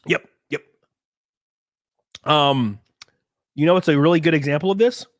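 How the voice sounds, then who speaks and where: Here's a stuffy-nosed streamer host from Alabama, his Southern accent clear as he mocks and curses through a lively, casual rant on his stream. He talks a little slowly, with a fairly high male voice, captured in studio quality and free of echo.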